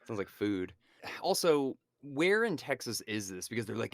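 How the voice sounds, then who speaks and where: A male podcast host tears into a movie in casual chat, acting out its characters with a mocking edge. His voice swings widely in pitch and sounds dry and close. He sounds lively throughout. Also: moderate pace, no room sound. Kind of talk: casual film-review chat.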